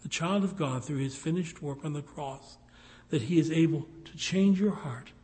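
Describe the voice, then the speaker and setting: A man preaching a sermon, pleading with his listeners and rising to loud appeals. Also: fairly high pitch, moderate pace. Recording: long hall reverb.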